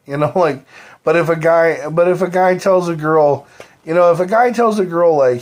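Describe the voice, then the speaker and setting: A man holding forth on his own live stream in a slightly high voice. He wanders from point to point, swears freely and fills the gaps with "you know" and "like". The talk is loose, unscripted and off the cuff. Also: normal speed. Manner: profane, rambling, heavy fillers. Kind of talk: rambling live-stream monologue.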